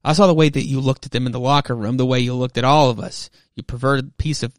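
Teen bully, taunting and loud, dry close sound; a man reads him. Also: mid-range voice, fairly quick, no room sound, natural voice. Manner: taunting, aggressive. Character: hostile teenage boy bully.

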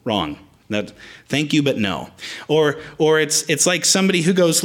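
Brief: male preacher, mid-pitched, very animated delivery, explains the Greek text. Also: fairly quick. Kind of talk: sermon.

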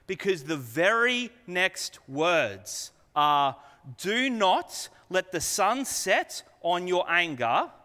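A man preaching in a bright, high voice that rises and falls widely as he asks earnest rhetorical questions. He speaks slowly and conversationally, and the sound rings with a long hall reverb. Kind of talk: sermon.

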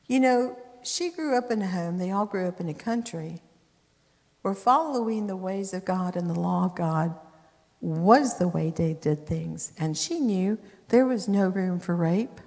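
A woman's voice: on the low side, lively intonation, unhurried, a little mellow. A woman preacher retelling scripture in a sermon, emphatic with conversational asides. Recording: long hall reverb.

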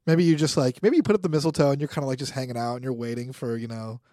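A man's voice: mid-range voice, steady tone, very fast, mellow, no room sound, studio quality. A man hosting a casual podcast chat, reading out facts and joking between them with frequent laughter. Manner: laughs often, reads facts off then jokes. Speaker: podcast host.

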